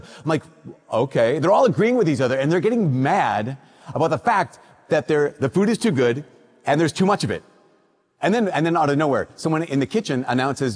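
A priest from Minnesota reading the Gospel at Mass and then giving a conversational, story-filled homily. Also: male voice, a little high, quick pace, breathy edge. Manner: storytelling, conversational with lively asides. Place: church. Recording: church hall reverb.

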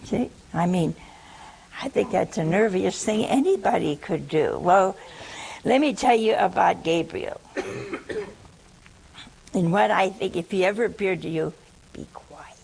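Slow, gravelly-voiced woman preaching. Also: medium pitch, expressive, a little mellow, rough recording. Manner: teasing, chatty, talks straight to listeners. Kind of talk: humorous teaching sermon.

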